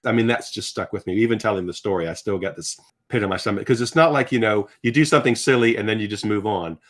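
A man with a fairly low voice, talking as a guest in an interview. He tells his stories in an animated, self-deprecating way, breaking off and restarting his sentences. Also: quick pace. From Virginia, United States. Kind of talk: personal storytelling in conversation.

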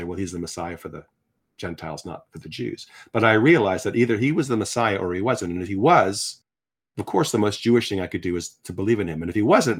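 A man in his sixties telling his conversion story in conversation, animated, acting out quotes as he talks. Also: on the low side. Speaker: guest sharing his testimony. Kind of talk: conversational faith testimony.

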